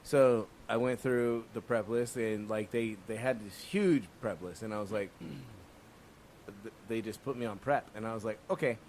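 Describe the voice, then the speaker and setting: A man who works as a chef, co-hosting a casual podcast, cracking dry jokes and then telling a calmer story of his own. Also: on the low side, moderate pace, slight background noise. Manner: dry joking interjections, quieter when narrating.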